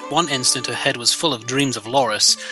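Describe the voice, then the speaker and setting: A man with a vaguely European accent narrating a story in a measured way, with music underneath. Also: medium pitch. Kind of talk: fan reading of narration.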